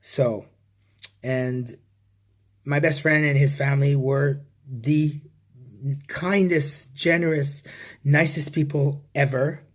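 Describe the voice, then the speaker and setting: A man speaking to camera in a rambling personal confession, halting with many restarts and casual swearing. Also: a little high, steady tone. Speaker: vlogger.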